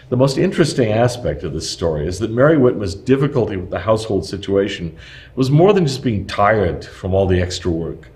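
A man with a somewhat low voice reads a prepared historical text aloud. His delivery is measured and steady, with the odd small stumble as he goes. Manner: measured, steady reading with occasional slips.

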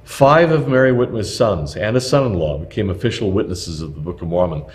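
A man with a somewhat low voice reads a prepared historical text aloud. His delivery is measured and steady, with the odd small stumble as he goes. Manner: measured, steady reading with occasional slips.

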